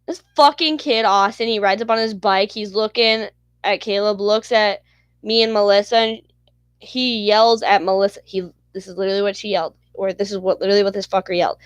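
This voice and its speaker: A woman's voice: mid-range voice, steady tone, a little fast, clean tone, no room sound. A woman hosting her own channel, telling a story in a rambling, profane, heated way. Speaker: channel host. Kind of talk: casual storytelling vlog.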